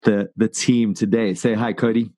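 A man's voice: on the low side, steady tone, normal speed, dark tone, no echo. A man hosting a casual podcast chat, rambling and jokey, full of ums and restarts. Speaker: podcast host.

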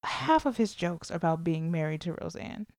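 A woman's voice: on the low side, expressive, normal speed, a little mellow, dry recording, clean studio sound. A woman co-hosting a podcast in casual chat, blunt and chatty, breaking into sung song snippets. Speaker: podcast co-host.

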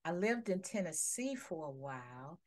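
A woman's voice: low-pitched, very animated, normal speed, a little mellow. A woman from Detroit whose accent blends the Midwest with the South. She chats casually and freely, filling her talk with little "you know"s. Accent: mix of Detroit and Southern US. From Detroit, Michigan. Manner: chatty, many "you know" fillers. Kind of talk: casual conversation.

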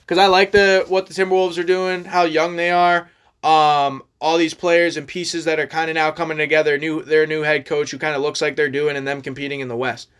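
A man with a fairly high-pitched voice talks casually about basketball. He swears often and runs through standings and team notes. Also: little pitch movement, brisk, a bit bright, clear, resonant tone. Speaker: podcast co-host. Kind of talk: casual sports talk.

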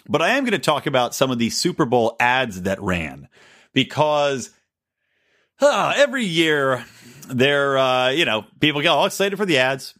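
A man hosting a solo political podcast, talking in a sarcastic, mocking, animated way. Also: medium pitch. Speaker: podcast host.

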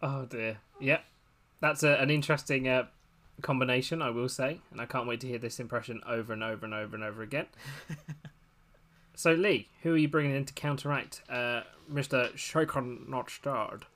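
A man hosting a casual podcast game, chatty and amused. He talks at a mid pitch and keeps the round moving along. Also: moderate pace, fairly bright tone. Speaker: host and referee of a fantasy fight game.

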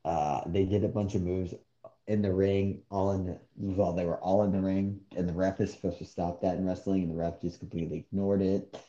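Deep mellow guy chatting on a podcast, blunt, kinda dismissive, echoey dull recording. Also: flat delivery, fairly quick. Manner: blunt, dismissive, laughs often. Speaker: co-host. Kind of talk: casual podcast chat. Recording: echoey dull-sounding room.

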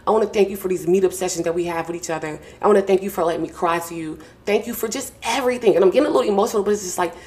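A young woman hosts her podcast from a small home studio, speaking into a podcast mic. Her voice sits a little low for a woman. She talks in a loose, slangy, heartfelt way and piles up thank-yous. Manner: warm, effusive, slangy, repeats thank-yous. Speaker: podcast host. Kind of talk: casual heartfelt podcast talk. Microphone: podcast mic with mixing board.

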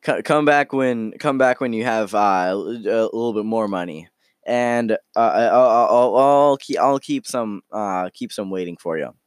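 A man's voice: fairly low pitch, unhurried, smooth, no echo, clean studio sound, lightly acted. A man voicing a pushy male street vendor who stammers through his hawking. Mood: dismissive. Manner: stammering hawker calls.

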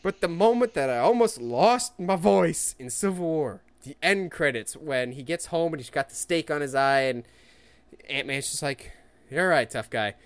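Excitable man with a lively, swinging voice. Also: moderate pace, clear, resonant tone, no room sound. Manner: enthusiastic, jumps into high excited quotes. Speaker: podcast co-host. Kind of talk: casual fan chat.

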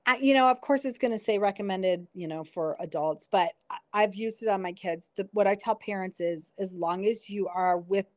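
A woman's voice: medium pitch, normal speed, no echo, studio quality. A middle-aged woman, a nurse and guest, explaining at length in conversation and telling stories with frequent restarts. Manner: chatty, explanatory, storytelling with restarts. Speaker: guest, nurse and product founder. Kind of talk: conversational interview.

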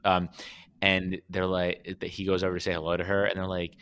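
Podcast co-host, man, low voice, bright tone, enthusiastic retelling. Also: little pitch movement, brisk, clear, resonant tone. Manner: enthusiastic, acts out quoted lines. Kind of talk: casual chat.

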